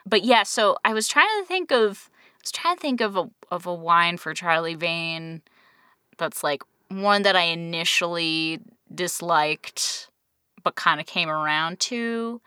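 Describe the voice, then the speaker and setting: A woman's voice: fairly low pitch, measured pace, pushed and bright, clean tone, no echo, clean studio sound. A woman co-hosting a casual podcast chat, talking in a chatty, giggly way with many restarts. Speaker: podcast co-host.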